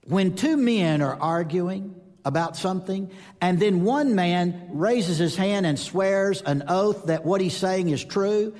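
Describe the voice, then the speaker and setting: Preacher with a high voice in a hall. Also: male voice, slow pace. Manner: animated storytelling, acts out voices in anecdotes. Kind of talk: sermon. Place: church or conference hall. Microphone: speaking to a live audience. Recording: long reverb of a large hall.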